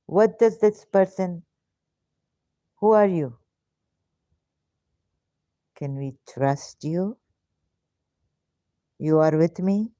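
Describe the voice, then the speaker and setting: A frustrated, confrontational woman rants at her viewers in a mellow, somewhat low voice. She speaks slowly and deliberately. The sound is close and dry. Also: no echo. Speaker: vlogger. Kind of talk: ranting monologue to camera.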